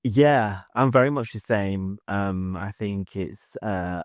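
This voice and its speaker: A man's voice: on the low side, slow, dry recording, clean studio sound. A man as a podcast guest, telling a personal story earnestly, with hesitations and fillers. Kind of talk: casual interview chat.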